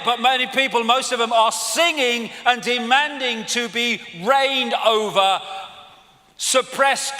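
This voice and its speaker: High, bright English man lecturing. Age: 60s. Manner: animated, sarcastic, sweary. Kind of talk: live stage talk. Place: large arena stage. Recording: arena hall reverb with faint crowd.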